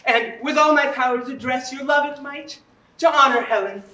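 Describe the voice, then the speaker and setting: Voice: high-pitched, normal speed, sharp tone. An actor playing an ardent young male lover. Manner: ardent declaiming of verse. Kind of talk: stage play performance. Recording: distant echoey stage, faint noise.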